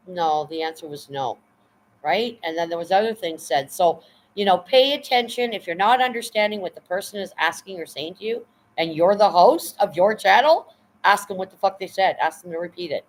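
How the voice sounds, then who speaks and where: A woman's voice: fairly low pitch, expressive, fairly quick, slight background noise, rough recording. A woman hosting her live stream in casual chat, blunt and profane, rambling as she reads and answers her chat. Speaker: livestream host.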